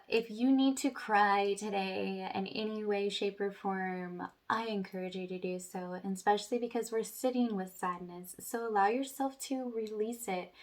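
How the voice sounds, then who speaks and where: Chatty woman leading a spiritual workshop. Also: mid-range voice. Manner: chatty, says "like" and "okay" often; soft, hushed when guiding meditation. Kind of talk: guided wellness workshop with casual asides.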